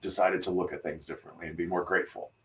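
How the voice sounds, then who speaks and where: A man tells a personal story on a casual podcast. He talks loosely and takes his time, with pauses and fillers along the way. He is a hairdresser chatting with a colleague. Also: low-pitched, level tone, recorded from a distance, a little hiss or hum.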